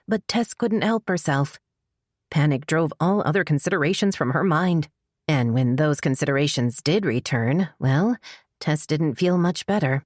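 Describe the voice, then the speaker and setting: Woman, audiobook narrator, low voice, measured, dry close recording. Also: lively intonation, darkish tone, no room sound. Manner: measured storytelling. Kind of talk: scripted narration.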